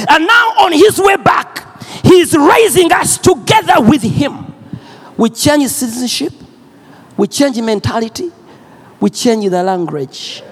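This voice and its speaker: With an extremely high-pitched voice, a male preacher from Uganda gives a loud, energetic sermon. He repeats phrases and pulls call and response from the congregation.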